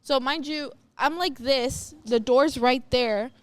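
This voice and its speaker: A woman's voice: high voice, slow, smooth. A young woman co-hosting a youth podcast, telling a story in casual chat with many fillers and acting out what she heard. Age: young adult.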